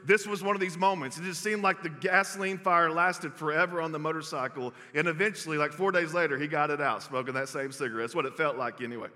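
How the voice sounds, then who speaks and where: A man's voice: a little high, fast talker, few pauses, bright, forceful tone. A young adult man from Texas, preaching a sermon and telling a folksy story to the congregation. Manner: folksy storytelling, addressing the crowd as y'all. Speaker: pastor. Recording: reverberant hall.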